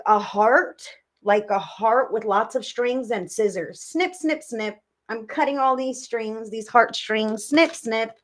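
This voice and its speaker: A woman hosting a live psychic reading stream, talking to her viewers with gushing affection. Her voice sits a little high, and she rambles warmly from one name to the next.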